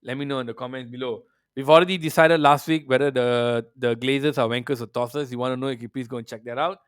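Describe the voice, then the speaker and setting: A man hosts a football podcast in a clean studio recording with no room sound. His medium-pitched, clear, resonant voice moves quickly with fairly even intonation as he rants brashly and profanely in casual, opinionated chat, sometimes slipping into mocking voices.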